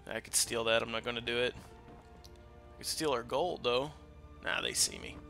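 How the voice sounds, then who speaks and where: Man, let's play host, bright forceful voice, loud and excitable, jokey, faint game music behind. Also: mid-range voice, normal speed, vocal fry. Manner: loud, excitable, swings between yelling and quiet; crude, joking asides. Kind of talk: casual gameplay commentary. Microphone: desk microphone that peaks. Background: game audio.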